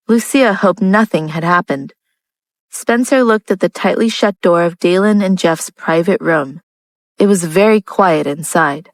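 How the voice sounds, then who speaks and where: A woman narrating a romance audiobook in a steady, even reading style. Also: lowish voice, a little slow, no echo, rough recording. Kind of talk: scripted narration.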